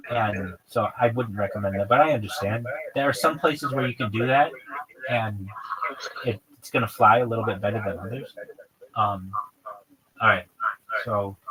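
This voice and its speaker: A man's voice: lowish voice, poor audio. A man live streaming, talking casually in a profane, rambling, exasperated rant. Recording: crowd chatter in background.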